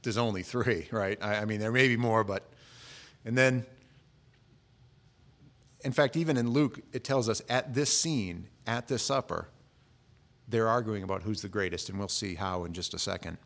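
A man's voice: fairly low pitch, normal speed, long pauses, a bit bright. A middle-aged man preaching a sermon in a conversational, storytelling way, acting out the voices he quotes. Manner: conversational, acts out quoted voices, frequent restarts. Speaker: pastor.

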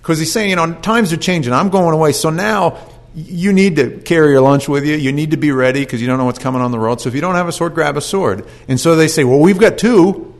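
A man preaching a sermon, telling a scripture story in a folksy, animated way with casual asides. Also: on the high side, quick pace.

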